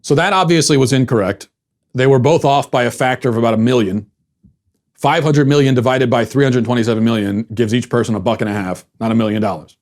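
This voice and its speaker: A man hosting his own commentary show, delivering a casual monologue full of wry sarcasm. He stumbles and restarts often, with a mid-pitched, ordinary voice. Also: quick pace. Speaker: podcast host.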